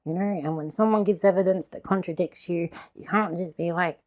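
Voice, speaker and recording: A woman's voice: fairly low pitch, fairly quick, darkish tone. A woman in a heated, swear-filled vlog rant, tagging her points with constant questions. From Australia. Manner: heavy swearing, tag questions, heated ranting. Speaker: video host. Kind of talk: casual commentary vlog.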